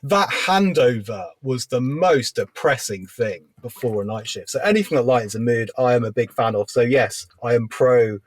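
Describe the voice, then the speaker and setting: A man, a radiologist guest on a podcast, telling animated stories and laughing often. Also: medium pitch, normal speed, few pauses. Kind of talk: casual chat.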